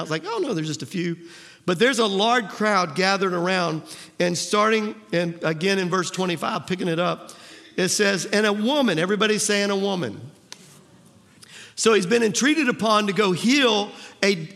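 A man's voice: high voice, gravelly, fairly bright tone, big-room sound. A male pastor preaching conversationally, acting out the people in his story. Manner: conversational preaching, acts out voices. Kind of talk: sermon.

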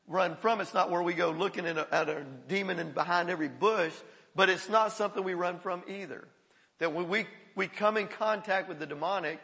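A male pastor telling stories in a sermon, animated and often chuckling. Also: sits high. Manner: animated storytelling with frequent chuckles. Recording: echoey hall.

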